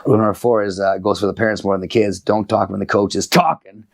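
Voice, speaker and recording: A middle-aged man, a youth wrestling coach, telling camp stories in an animated podcast interview and acting out his own yelling. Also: fast talker, vocal fry. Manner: high-energy, acts out his own yelling at camps.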